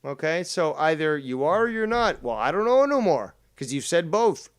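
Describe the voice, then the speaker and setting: A man with a slightly high voice argues hard with a guest, cutting in and mocking him. He talks as the host of a live stream. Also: very animated, normal speed, clean tone. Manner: combative, mocking, talks over the other. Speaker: show host. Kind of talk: heated argument on a live stream.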